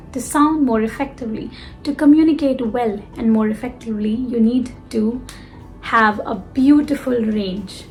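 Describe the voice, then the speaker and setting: A woman teaching communication skills straight to the viewer, lively and emphatic, with frequent checks like "right?". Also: a little high. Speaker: English speaking coach. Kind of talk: direct-to-camera lesson.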